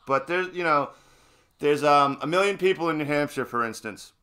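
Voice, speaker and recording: A man's voice: on the high side, moderate pace, sharp tone. A man in a casual political chat, ranting and swearing, mocking the people around him. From New England. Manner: ranting, profane, mocking voices. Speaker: stream co-host.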